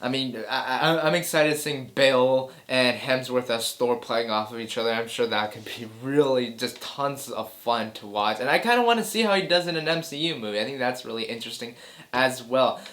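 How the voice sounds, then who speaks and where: A man's voice: mid-range voice, normal speed, a bit bright. A man hosting a casual movie reaction chat, speaking enthusiastically and often restarting or repeating words. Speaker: host of a movie news chat show.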